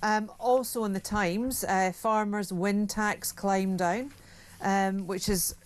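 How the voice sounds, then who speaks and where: A woman talks on a late-night radio studio mic in an even, mid-pitched voice. She is chatty and opinionated, and she stresses her points by repeating them. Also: slow. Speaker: newspaper review guest.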